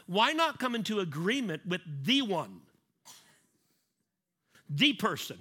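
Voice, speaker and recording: Bright-voiced man preaching. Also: high-pitched, sing-song, slow pace, pauses often, breathy edge. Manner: conversational preaching, acts out little scenes; repeats key lines for emphasis. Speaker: pastor. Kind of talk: sermon.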